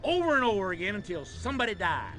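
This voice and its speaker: Whiny lovesick ride operator. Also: male voice, sits high, sing-song, quick pace, over music. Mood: gloomy. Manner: whiny, melodramatic.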